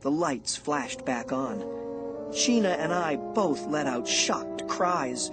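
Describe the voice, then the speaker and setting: Slow, suspenseful male audiobook narrator. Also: on the high side, animated. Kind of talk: scripted first-person audiobook narration. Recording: music bed under narration.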